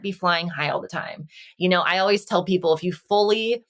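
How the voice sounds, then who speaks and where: A woman's voice: lowish voice, fairly even intonation, moderate pace, hardly any pauses. A woman from Las Vegas, a podcast guest and energy healer, talking reflectively and earnestly in casual conversation over a video call. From Las Vegas, United States. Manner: reflective, earnest, acts out quoted dialogue.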